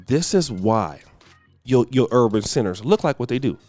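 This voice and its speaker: A man from the United States hosting a podcast, delivering a ranting commentary monologue in a preachy, emphatic way that swings from shouting to muttering. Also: medium pitch, lively intonation, normal speed, faint music behind. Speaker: podcast host.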